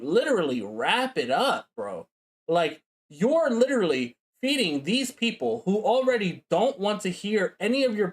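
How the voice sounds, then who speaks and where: A man streamer reacting to a video, talking casually and bluntly with lots of swearing and "bro". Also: high voice. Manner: casual, profane, says bro and like a lot.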